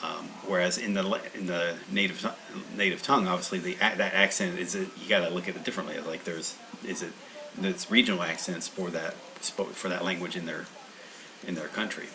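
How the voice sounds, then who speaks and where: A man's voice: sits low, steady tone, a little fast, noisy background. A man hosting a language-learning channel, talking in a meandering, casual monologue full of restarts.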